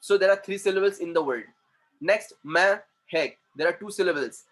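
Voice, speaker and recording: A man with an Indian accent teaching an English lesson, who repeats words slowly and switches into Hindi to explain. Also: sits high, low-quality recording. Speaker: communication trainer.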